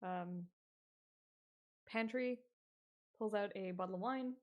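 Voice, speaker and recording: A woman narrating as game master of a tabletop game in a relaxed, hesitant way. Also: medium pitch, takes it slowly, lo-fi sound.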